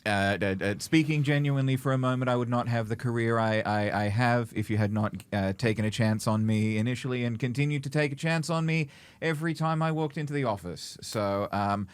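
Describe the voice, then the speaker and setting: Australian man, co-host, mid pitch, dry wit, dry studio sound. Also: clean tone, dry recording. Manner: dry wit, halting when sincere. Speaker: podcast co-host. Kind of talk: casual podcast chat.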